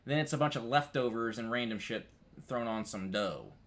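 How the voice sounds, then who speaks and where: A man from upstate New York talking casually to his chat. He rambles, restarts his sentences and curses a lot, calling everyone "dude", and his voice climbs high and loud when he gets worked up. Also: normal speed.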